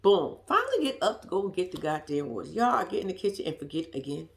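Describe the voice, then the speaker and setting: A woman's voice: fairly low pitch, big pitch swings, fast, gravelly, background noise. A woman vlogger telling a story to her viewers in casual chat, swearing freely and laughing at herself.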